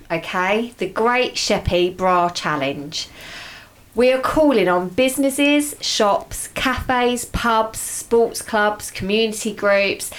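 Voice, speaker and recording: Upbeat woman radio co-host. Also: medium pitch. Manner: upbeat, enthusiastic promoter. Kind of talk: casual radio chat.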